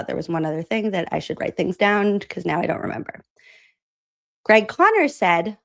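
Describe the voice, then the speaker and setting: A woman's voice: medium pitch, sing-song, moderate pace, gravelly, a bit bright. A woman hosting casual political commentary, chatty and opinionated, with lots of "like" fillers.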